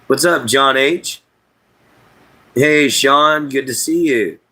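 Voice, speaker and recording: A man's voice: mid-range voice, slow pace, pushed and bright, poor audio. A man hosting a casual livestream from inside an RV, talking to his chat in a folksy, drawling way. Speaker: livestream host.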